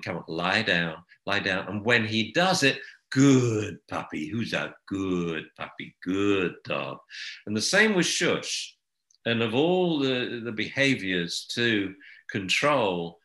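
A man speaks with a bright, forward voice that sits a little low. He gives calm, anecdotal advice about dogs in easy conversation. The room adds a noticeable echo. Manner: calm, anecdotal, softens to a hush for soothing commands. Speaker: dog trainer. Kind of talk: casual advice chat.

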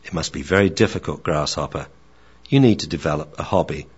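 A man's voice: slightly rough, dull audio. Wise old Akita sensei, a man voicing. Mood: advising. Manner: slow, soft, low and solemn.

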